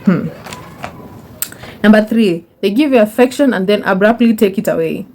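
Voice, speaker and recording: A woman's voice: mid-range voice, normal speed, darkish tone, a little hiss or hum. A young woman giving chatty advice to her viewers, repeating words for emphasis and calling them honey. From Kenya. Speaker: YouTuber. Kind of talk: casual advice monologue.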